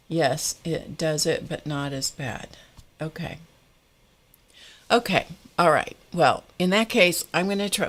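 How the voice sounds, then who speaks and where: A middle-aged woman hosts a live craft tutorial in a low, comfortable voice. She chats along casually and reads her viewers' comments back to them. Faint static hums under her words. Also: fairly bright tone. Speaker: craft show host.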